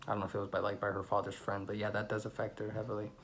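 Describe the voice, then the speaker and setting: A young man vlogging, telling a rambling personal story in a casual, animated way with loud outbursts. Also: fairly low pitch, rapid-fire, noisy background.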